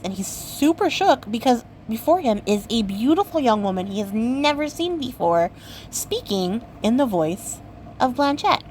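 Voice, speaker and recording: A woman's voice: fairly high pitch, slight background noise, low-quality recording. A young woman hosting a craft channel, retelling a fairy tale in a chatty, playful way with lots of fillers. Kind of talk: casual story retelling.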